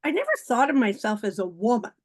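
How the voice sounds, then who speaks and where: An older woman speaks with a fairly high voice as a podcast guest. She sounds gracious and modest and reflects on her early days in comedy. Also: animated, fast, a little mellow, breathy edge. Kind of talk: reminiscing podcast interview.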